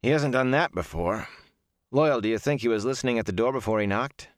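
A man's voice: medium pitch, animated, brisk, dry recording, clean studio sound, voice pushed up, close to an everyday voice. A man voicing an exasperated, impatient young male lord in an audiobook.

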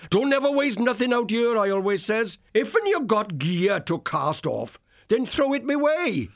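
A man's voice: high voice, very animated, moderate pace. An actor playing a lonely, talkative old male dormouse with rustic folksy speech in a storybook drama. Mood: chatty. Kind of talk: full-cast audiobook acting.

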